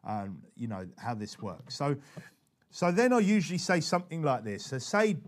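A man explaining how he shares his faith, in a chatty, animated way that keeps breaking off and starting again. His voice sits a little higher than most men's. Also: moderate pace. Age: adult father. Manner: animated and chatty, with frequent restarts. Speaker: preacher teaching soul-winning. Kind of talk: conversational teaching talk.

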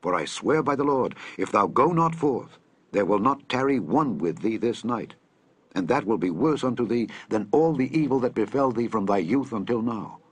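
A man's voice: mid-range voice, expressive, normal speed, slightly rough, dry recording. A man reading the lines of a stern army commander who rebukes his king, his voice raised and reproachful.

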